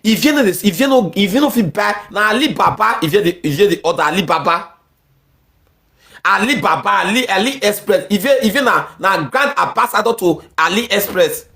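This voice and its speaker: A woman's voice: medium pitch, animated, a little fast, fairly bright tone. A woman with a Nigerian accent ranting angrily in heated social media commentary. She repeats herself often and mixes pidgin with English.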